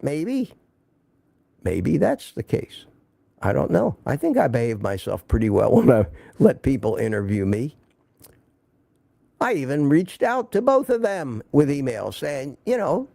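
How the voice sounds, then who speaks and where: Gravelly man hosting a casual live stream. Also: fairly high pitch, mellow, dry recording. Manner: joking, rambling, reads viewer comments aloud. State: recovering from illness.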